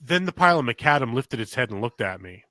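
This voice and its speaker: A man's voice: mid-range voice, sing-song, fast talker, sharp tone, no echo. A man co-hosting a podcast, telling a story casually and acting out quotes with big jumps in his voice. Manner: swears casually, many restarts. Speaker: podcast co-host.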